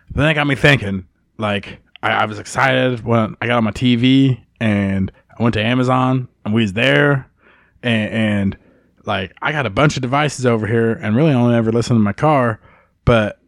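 A man's voice: mid-range voice, gravelly, a bit bright. Podcast guy swearing a lot, loose jokey chat, regular mid voice. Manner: profane, loose and joking. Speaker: podcast co-host. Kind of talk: casual chat.

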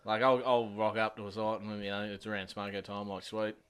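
A man's voice: fairly low pitch, little pitch movement, fairly quick, slight background noise. A middle-aged Australian man co-hosting a podcast, casual and sweary, laughing and acting out his stories. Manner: sweary, loud, laughing, puts on voices in stories. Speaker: podcast co-host. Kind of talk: casual banter.

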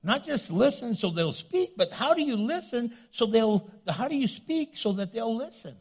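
A man preaching a sermon, animated, swinging from loud to hushed and acting out the voices he quotes. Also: very high-pitched, normal speed, breathy edge. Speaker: pastor.

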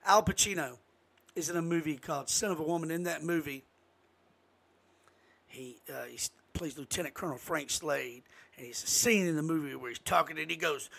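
Host, male, high bright voice, fired-up political rant with loud jumps. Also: creaky. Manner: emphatic, rising to sudden loud outbursts. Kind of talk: impassioned political monologue.

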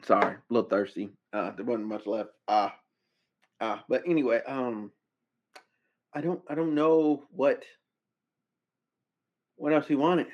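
A man hosting a casual commentary podcast, talking in a slangy way with incredulous, animated outbursts. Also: medium pitch, a little slow, pauses often, lo-fi sound. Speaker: podcast host.

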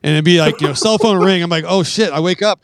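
A middle-aged man who is a podcast guest, telling casual stories full of swearing and acting out the dialogue with animated energy. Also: a little high, fast talker, dry recording. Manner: profane, animated anecdote-telling that acts out quoted dialogue. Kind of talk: casual storytelling.

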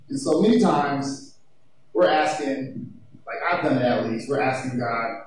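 A man's voice: mid-range voice, a little slow. Chatty young man preaching in an echoey room. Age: young adult. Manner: chatty, laughing, personal storytelling. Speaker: youth speaker. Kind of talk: casual youth sermon. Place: church youth room. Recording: echoey room from far off, faint noise.

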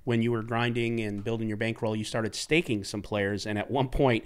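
A man's voice: on the low side, steady tone, moderate pace, smooth. A man hosting a casual podcast interview, blunt and pushy, swearing freely. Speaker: podcast host.

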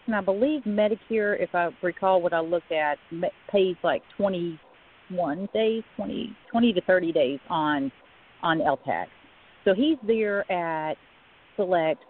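Woman's husky voice over a phone line. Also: medium pitch. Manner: conversational, quoting others in a retold story. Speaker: guest. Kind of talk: personal story in a radio interview.

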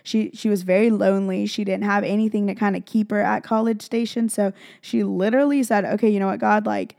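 A young woman chats to her viewers, retelling a personal faith story with lots of fillers and plenty of feeling. Her voice is mellow and warm, with a gravelly fry running through it. The sound is close and dry. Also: medium pitch, fairly even intonation, a little fast, no echo. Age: young adult. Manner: chatty, heavy filler "like", emotional retelling. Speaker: vlogger. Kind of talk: casual faith storytelling to camera.

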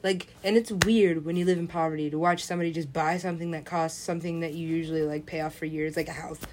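A woman's voice: deep voice, steady tone, fast. A young woman talks in a wandering, unfiltered monologue, laughing between thoughts and dropping swear words freely. She keeps slipping into quoted voices and asides, and a faint hiss sits under the recording. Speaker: parent. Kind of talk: rambling monologue.

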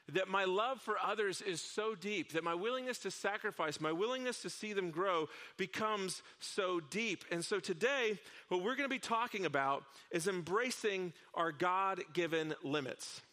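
High, bright-voiced male preacher. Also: moderate pace, hardly any pauses. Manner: earnest, storytelling with asides to the congregation. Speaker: pastor. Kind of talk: sermon.

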